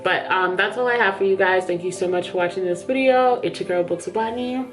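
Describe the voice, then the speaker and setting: A woman's voice: medium pitch, fairly quick, music in the background. A woman book vlogger chatting candidly to camera in a small room under studio lights, a little out of breath. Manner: chatty, candid, says "yo" and "y'all". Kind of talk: casual chat to camera.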